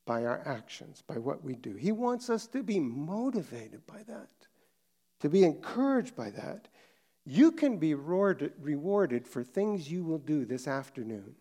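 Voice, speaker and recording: A middle-aged man preaching a sermon earnestly and emphatically, then dropping to a quiet, soft tone for prayer. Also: fairly high pitch. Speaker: pastor.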